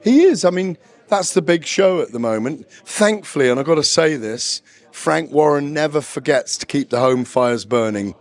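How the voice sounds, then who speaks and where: A man's voice: a little high, animated, normal speed, few pauses. A man as a boxing journalist guest, talking in a knowledgeable, discursive and self-deprecating way in a casual interview at a press conference.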